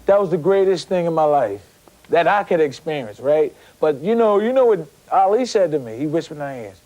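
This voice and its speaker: A man's voice: on the high side, expressive, normal speed, mellow, lo-fi sound. A man, a former boxer, telling his story in an interview. He stumbles and repeats words as he acts out what people said to him.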